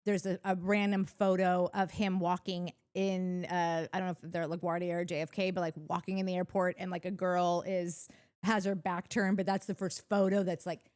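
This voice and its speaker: A woman's voice: fairly low pitch, little pitch movement, normal speed, darkish tone, smooth. A young woman co-hosting a podcast, chatting in a rambling, giggly way with lots of restarts. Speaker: podcast co-host. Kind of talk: casual recap chat.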